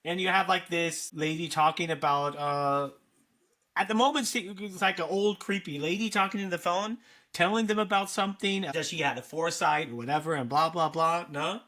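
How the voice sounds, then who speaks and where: A man co-hosting a casual podcast, walking through a movie's plot in a loose, rambling way. His voice sits a bit high and sounds bright and forward. He keeps ending his lines with a questioning "no?". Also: moderate pace. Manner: ends many sentences with a questioning "no?"; loose, rambling recap with frequent "uh" and laughter. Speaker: podcast co-host.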